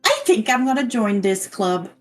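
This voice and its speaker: A woman's voice: a little high, sing-song, moderate pace, faint music behind. A woman playing a tabletop game, bubbly and giggly. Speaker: player.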